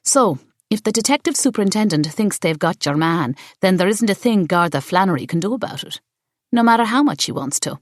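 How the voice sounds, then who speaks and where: A woman reading the part of a young Irish woman who runs a family bistro, defiant and quick to retort. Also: mid-range voice, expressive, no echo, studio quality, lightly acted. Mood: indignant.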